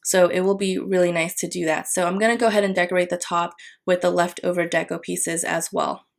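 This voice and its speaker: A woman's voice: fairly low pitch, level tone, fairly quick, gravelly. Chatty woman narrating a planner vlog. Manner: casual, chatty, with fillers and apologies. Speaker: planner vlogger. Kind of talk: plan-with-me voiceover narration.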